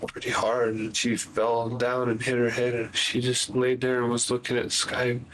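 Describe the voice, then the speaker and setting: A man confessing in a police interview, talking in a halting, rambling way full of fillers. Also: medium pitch, completely flat delivery, fairly bright tone, slight background noise, rough recording. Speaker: suspect confessing.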